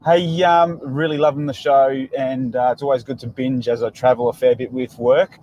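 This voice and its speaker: A man's voice: medium pitch, fairly even intonation, moderate pace, a little mellow, dull audio. A man with an Australian accent leaving a friendly, rambling voicemail for a podcast, recorded while on the road.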